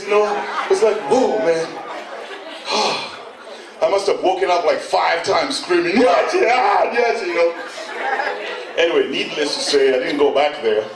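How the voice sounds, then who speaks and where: A middle-aged Kenyan man doing stand-up storytelling, animated, acting out voices and bursting into shouts. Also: fairly high pitch, recorded from a distance. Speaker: stand-up comedian. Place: event hall on stage. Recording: echoey hall, mic from afar, noisy.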